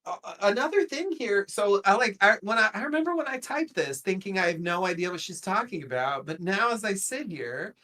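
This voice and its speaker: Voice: medium pitch, sing-song, a little fast, few pauses, sharp tone. A podcast co-host recapping a TV episode in casual chat, rambling with lots of fillers and trailing asides.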